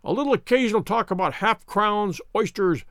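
Male reader as a witty detective, brisk ironic lecturing tone, lively high voice, storybook. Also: no echo, studio quality. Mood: explaining. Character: brilliant, wry male detective, recovering from fasting.

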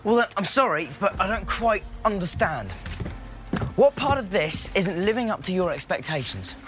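An actor playing a frustrated young man in a film, answering defensively and rising to angry shouts. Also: sits high, big pitch swings, normal speed. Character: strained young male hero, defensive and frustrated.

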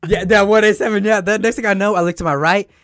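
A man's voice: high-pitched, fast, no echo, clean studio sound. A young man in casual podcast chat, telling a story with lots of swearing and acted-out quotes. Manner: animated storyteller, acts out quotes, swears often, laughs.

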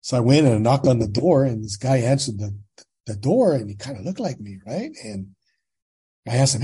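A man's voice: medium pitch, moderate pace, slightly rough. A man in his sixties from California, telling his own story as a podcast guest, animatedly acting out the dialogue and often checking in with "right?". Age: 60s. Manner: animated retelling, quotes dialogue, frequent tag questions. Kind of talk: personal storytelling in conversation.

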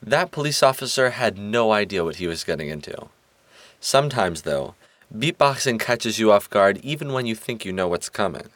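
A man's voice: fairly low pitch, lively intonation, moderate pace, a bit bright, dry recording. A man hosting and narrating a scripted piece in a playful, emphatic way. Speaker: host and narrator.

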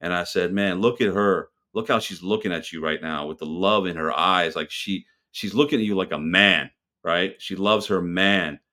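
A man's voice: low voice, moderate pace, sharp tone. A man who owns a restaurant, talking bluntly and with heat as a podcast guest, swearing now and then. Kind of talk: casual podcast interview.

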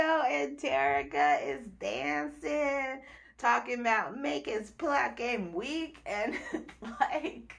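A young woman hosting a podcast, recapping a TV episode in casual chat, animated and exasperated, with cursing and laughter. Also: fairly high pitch, slow pace, vocal fry. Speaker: podcast host reviewing a TV episode.

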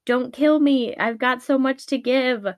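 A woman's voice: mid-range voice, moderate pace, dry recording, lightly acted. A woman voicing a nervous grown man who pleads and stammers in a comedic story retelling. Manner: pleading, flustered.

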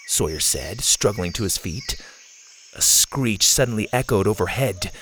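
A man reading a scripted children's adventure story as the show's storyteller, in an even, measured way. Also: on the low side, a little hiss or hum.

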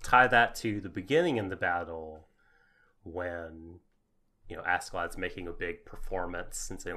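A man's voice: deep voice, normal speed, sharp tone. A man co-hosting a casual podcast, rambling and breaking into giggles. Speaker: podcast co-host.

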